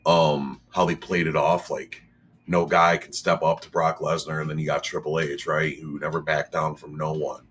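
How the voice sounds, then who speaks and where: Deep-voiced rambling man in casual chat. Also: level tone, normal speed, a bit bright, breathy edge. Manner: rambling, many fillers and restarts.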